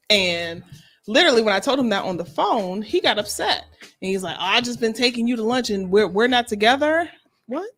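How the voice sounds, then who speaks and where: Co-host, female, casual storyteller who acts out the dialogue with lively swings in pitch. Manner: animated, acts out dialogue in voices. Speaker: podcast co-host.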